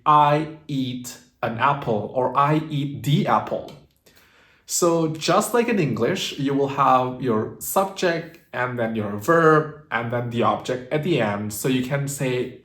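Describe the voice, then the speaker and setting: A man's voice: mid-range voice, roomy sound. A man giving a grammar lesson, explaining step by step and checking in with the listener. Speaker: language teacher.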